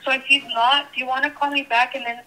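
A woman's high, very bright voice comes through a tinny phone line. She chats casually and switches freely between English and Spanish. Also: level tone, quick pace. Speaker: sister-in-law on the phone.

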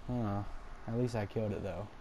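With a gravelly, lowish voice at a moderate pace, a young man delivers let's-play commentary late at night from home. He's casual but exasperated, swearing and chuckling at his own errors, while steady noise persists behind him.

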